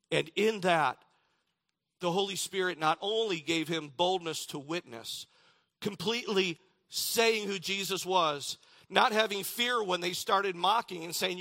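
A man preaching a sermon, reading scripture dramatically and swinging between loud declarations and hushed lines. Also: fairly high pitch. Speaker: pastor.

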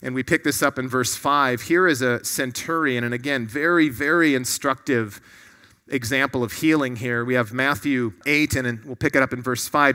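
A man's voice: mid-range voice, normal speed, bright, forceful tone, smooth. A man preaching a sermon to a room of listeners, earnest and often putting questions to them.

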